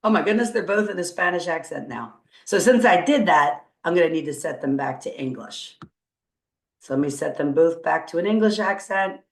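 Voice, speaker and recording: A woman teacher talks through a coding tutorial in a fairly low voice, upbeat and encouraging as she thinks aloud. The room rings around her with a noticeable echo. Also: moderate pace. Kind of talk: screen-recorded coding tutorial. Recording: roomy echo.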